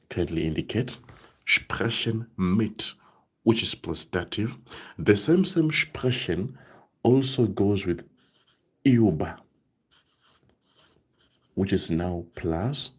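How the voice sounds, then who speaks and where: Slow husky man teaching German live. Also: lowish voice. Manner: slow, drawn-out example sentences, frequent "right?" checks. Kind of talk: live online language lesson.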